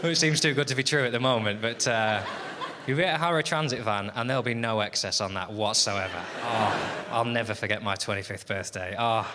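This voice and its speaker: A man's voice: lowish voice, brisk. A man in his late twenties doing a stand-up comedy set, wry and self-deprecating, with rambling asides. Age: late 20s. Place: comedy venue stage before a live audience. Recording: noisy live comedy recording.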